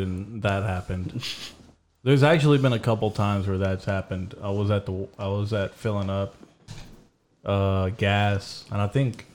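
A man's voice: fairly low pitch, darkish tone, a little hiss or hum. A man hosting a podcast, telling rambling, crude stories in casual chat with lots of fillers. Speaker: podcast host.

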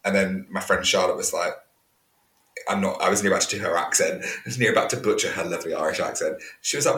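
A man's voice: deep voice, fairly even intonation, fast talker, bright, forceful tone, reverberant. A man, a podcast guest, chatting animatedly and telling stories with self-mocking humour. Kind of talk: casual chat.

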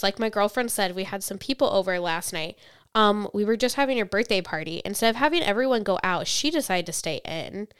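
Woman, casual true-crime podcast narration, smooth voice, dry room. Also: medium pitch, dry recording. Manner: chatty, reads quotes flatly then reacts. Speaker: podcast co-host, storyteller.

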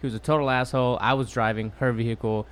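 A man telling a story in casual chat, quick and profane, quoting people along the way. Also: medium pitch, fairly even intonation, a little hiss or hum. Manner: rapid, profane, quotes people.

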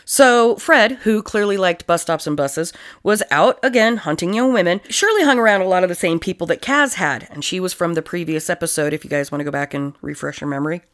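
A woman's voice: lowish voice, a little fast, few pauses, a bit bright. A woman co-hosting a casual true-crime podcast, swearing freely and joking between the facts. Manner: profane, jokey, slips into mock accents. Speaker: podcast co-host.

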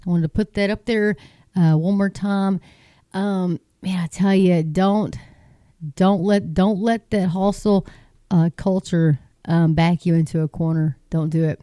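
With a lowish, mellow and steady voice, a middle-aged woman from Texas speaks at a measured pace in her Texan accent. She reads news aloud in a casual, rambling style to encourage her Christian viewers, and the studio recording is clean with no room sound.

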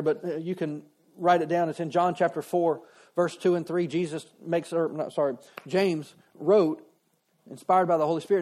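A man's voice: fairly high pitch, a little mellow. Conversational male pastor preaching. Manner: conversational, acts out quoted voices. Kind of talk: sermon.

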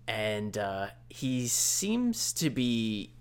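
A man co-hosting a casual horror movie podcast, describing scenes in a measured way with fillers. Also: medium pitch, a bit bright. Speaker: podcast co-host.

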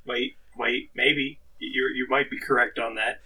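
A man's voice: medium pitch, little pitch movement, unhurried, bright, forceful tone, distant mic, slight background noise, low-quality recording. A man co-hosting a podcast, chatting in a laid-back, hesitant way with dry humor. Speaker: podcast co-host. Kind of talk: casual comedic chat.

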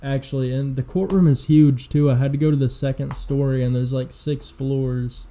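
Gravelly, mellow young man rambling. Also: medium pitch, fairly even intonation, normal speed. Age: 20s. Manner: rambling profane storytelling with lots of fillers. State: low energy. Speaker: podcast co-host. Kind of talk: casual chat.

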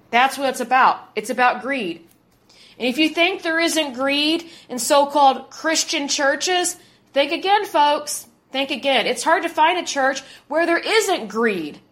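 A woman's voice: sits high, a bit bright. A woman in her thirties hosting an opinionated commentary podcast, talking in an indignant, emphatic way and repeating words for stress. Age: 30s. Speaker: podcast host.

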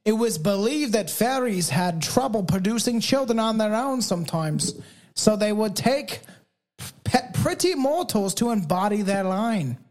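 A man's voice: sits high, lively intonation, measured pace, darkish tone. Man, podcast co-host, casual chat, rambling, laughing. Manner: rambling, laughing often, restarts. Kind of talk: casual chat reading folklore notes.

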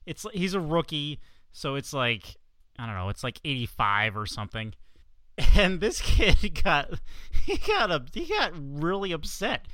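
A man's voice: a little high, very animated, measured pace, bright, forceful tone, no echo. A man co-hosting a casual sports podcast. He talks in a laid-back, meandering way and laughs often. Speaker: podcast co-host.

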